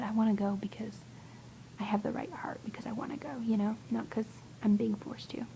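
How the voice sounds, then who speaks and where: A young woman chats to a friend in a hushed, rambling whisper, hesitant and full of fillers. Her voice sits a bit high but sounds dark and gravelly. A faint noise hums behind her. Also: brisk, rough recording. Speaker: vlogger. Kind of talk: casual whispered video chat to a friend.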